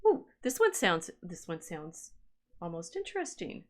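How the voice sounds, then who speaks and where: A woman's voice: fairly low pitch, huge pitch swings, unhurried. A woman historian co-hosting a casual livestream chat, musing aloud as she reads through family records. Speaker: podcast co-host and historian.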